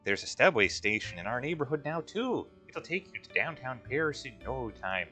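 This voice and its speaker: A man's voice: mid-range voice, very animated, normal speed, pushed and bright, slightly rough, soft background music, pitched above the performer's own voice, heavily acted. A man voicing a chatty male townsperson passing on local gossip.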